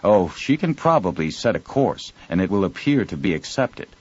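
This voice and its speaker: A man's voice: deep voice, very animated, moderate pace, muffled recording. A man voicing a grim, heavy-hearted male colony leader explaining things plainly.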